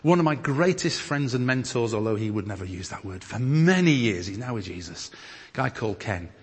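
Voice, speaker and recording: A man from northern England preaching and leading group discussion in a church hall, lively and emphatic as he reads scripture. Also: mid-range voice, fairly quick, husky. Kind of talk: teaching sermon with group discussion. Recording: long hall reverb.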